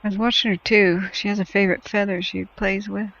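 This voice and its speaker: A woman's voice: medium pitch, level tone, fairly quick, a bit bright, dull audio. A woman hosting a wildfire-tracking livestream, chatting playfully and joking about bird cams. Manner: playful, narrates bird cams with jokes and laughter. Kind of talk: casual livestream chat.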